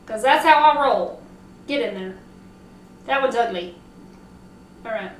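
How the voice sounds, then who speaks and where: Southern lady baking pies, high voice, slow and chatty, echoey kitchen, a bit far from the mic. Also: a little hiss or hum. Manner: chatty, excitable, talks to herself while working. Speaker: cooking show host. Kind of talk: casual cooking demo. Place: home kitchen.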